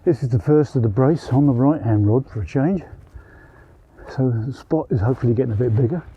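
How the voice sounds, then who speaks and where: Mellow-voiced man narrating a fishing vlog. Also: medium pitch, a little fast, highs cut off, a little hiss or hum. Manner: relaxed, chatty, pleased. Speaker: angler vlogger. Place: outdoors at a lake.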